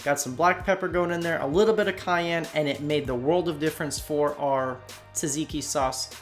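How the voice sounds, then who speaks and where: A man's voice: a little high, steady tone, moderate pace, soft background music. A man from Slovakia narrating a cooking voiceover in a casual, chatty way, talking straight to his viewers. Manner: casual, chatty, addresses viewers as "you guys". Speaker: cooking channel host. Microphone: voiceover recorded separately from the video.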